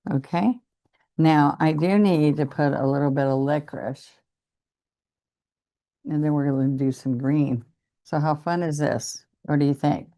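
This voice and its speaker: A woman's voice: low voice, steady tone, measured pace, pauses often, warm tone. An older woman teaching a painting lesson, chatting encouragingly as she demonstrates each stroke. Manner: chatty, encouraging, talks while working. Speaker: painting instructor.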